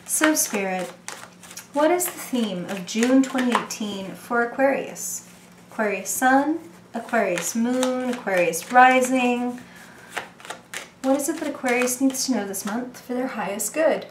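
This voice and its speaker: A woman giving a casual, playful tarot reading to the viewer, chatty and quick to laugh. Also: a little high, lively intonation, echoey room, slight background noise. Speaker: tarot reader.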